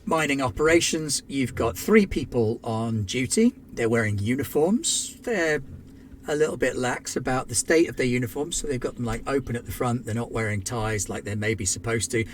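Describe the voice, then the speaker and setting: A man narrating a tabletop game as game master, relaxed and descriptive. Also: medium pitch, normal speed, a little hiss or hum.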